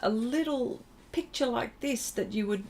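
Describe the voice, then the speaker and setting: Slow, chatty woman art instructor. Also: on the high side, vocal fry, a little mellow, a little hiss or hum. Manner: chatty, reads and answers viewer comments while working; halting, many fillers and restarts. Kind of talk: livestream painting demonstration.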